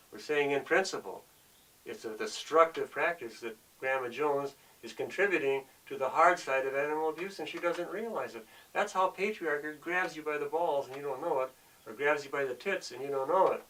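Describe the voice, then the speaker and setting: A man's voice: fairly high pitch, brisk, a bit bright, far from the mic, poor audio. A man delivering an earnest, preachy monologue, often repeating himself as he presses his point. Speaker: speaker of the show.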